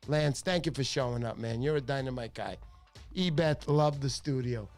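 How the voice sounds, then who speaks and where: A man's voice: mid-range voice, moderate pace, a little mellow, faint music behind. Joking middle-aged man hosting a livestream. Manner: joking, playful, chatty. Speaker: fishing channel host. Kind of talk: casual livestream chat.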